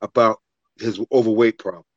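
A man's voice: fairly low pitch, moderate pace, lo-fi sound. A man telling a fight story in a casual podcast chat, swearing freely and acting out the other people in it. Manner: profane, animated, acts out the other voices in his story.

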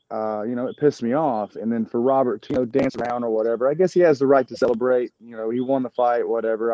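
A fighter recounting a brawl in casual, profane, rambling talk, full of restarts. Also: male voice, mid-range voice, warm tone, dry recording, lo-fi sound. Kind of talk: casual storytelling.

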